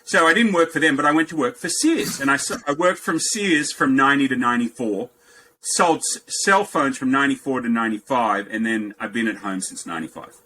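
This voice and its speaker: A man in his fifties with an Australian accent, a podcast guest telling lively anecdotes and jumping up in pitch for quoted lines. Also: brisk, slight background noise, poor audio. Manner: animated anecdotes, jumps high for quoted lines. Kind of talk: storytelling in a podcast interview.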